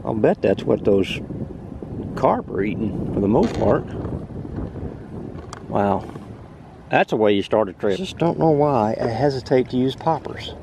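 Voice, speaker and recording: A man fly fishing on a river, chatting to the camera and exclaiming excitedly over the fish he sees and catches. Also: mid-range voice, measured pace, vocal fry, pauses often, background noise. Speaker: fishing vlogger. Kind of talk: casual outdoor narration while fly fishing. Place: on a river outdoors.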